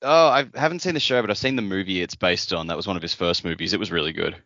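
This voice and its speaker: A man's voice: low voice, quick pace, bright, forceful tone, no room sound, lo-fi sound. A man co-hosting a podcast in casual chat, thinking aloud through theories. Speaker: podcast co-host.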